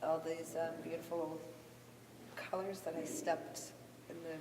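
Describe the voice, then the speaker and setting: A woman volunteering in a hypnosis demo, giving soft, brief, hushed answers while relaxed in trance. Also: low voice, unhurried. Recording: faint voice in an echoey hall with light noise.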